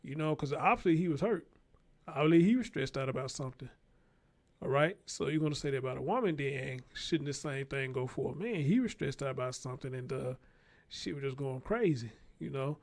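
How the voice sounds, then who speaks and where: A man's voice: mid-range voice, animated, a little fast. A man hosting his own show, giving a blunt, profane, unscripted commentary and repeating his points for emphasis, speaking.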